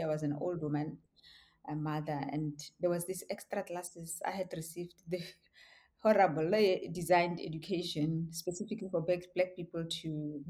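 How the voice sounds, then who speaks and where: A woman's voice: fairly low pitch, darkish tone. A middle-aged woman, a guest in an interview who tells her story with animation and laughs often. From South Africa. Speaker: interview guest, tech education founder.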